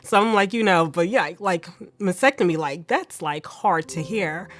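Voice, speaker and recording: A woman's voice: lowish voice, lively intonation, moderate pace. A woman telling her own story in a casual personal testimony, talking conversationally with many fillers and restarts. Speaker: cancer survivor giving a testimony.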